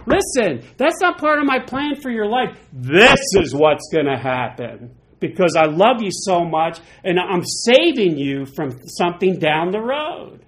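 A man's voice: sits high, sing-song, unhurried, few pauses, a bit bright, a little hiss or hum, voice pushed up, heavily acted. A man voicing God, speaking firmly but lovingly in a raised, emphatic tone.

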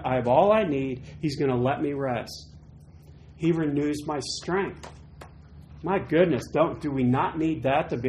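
A middle-aged male pastor giving an informal midweek sermon, lively and conversational, acting out quoted voices. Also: a little hiss or hum, low-quality recording. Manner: animated, acts out quoted voices with big jumps in pitch and loudness.

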